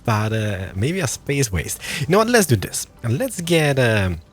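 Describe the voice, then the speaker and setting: A man's voice: medium pitch, huge pitch swings, unhurried, slightly rough, faint music behind. A man in his thirties giving playful, jokey let's-play commentary as a gaming video host, thinking aloud as he plays.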